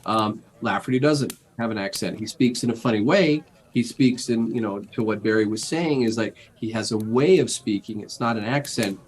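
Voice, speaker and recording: Male game master on a podcast, self-deprecating, halting delivery. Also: fairly low pitch. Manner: hesitant, many filler words, self-deprecating. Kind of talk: casual discussion.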